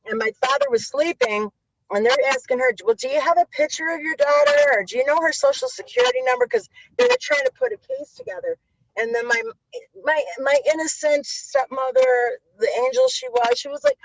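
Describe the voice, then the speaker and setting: A woman guest on an interview, telling stories in a casual, animated way and acting out quotes with lots of swearing. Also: sits high, moderate pace, gravelly, dry recording. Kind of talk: casual storytelling. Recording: dull lo-fi sound.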